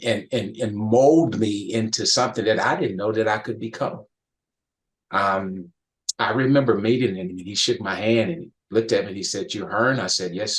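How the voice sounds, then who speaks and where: An older man, a podcast guest, telling an emotional story from his youth with emphatic restarts. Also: lowish voice. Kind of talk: storytelling in an interview.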